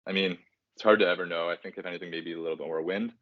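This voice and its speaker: A man with a very low voice co-hosts a casual podcast. He rambles, filling gaps with ums and joking at his own slips. The sound is dry and slightly dull. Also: fairly even intonation, very fast, dry recording. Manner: rambling, self-deprecating, casual filler-heavy. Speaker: podcast co-host.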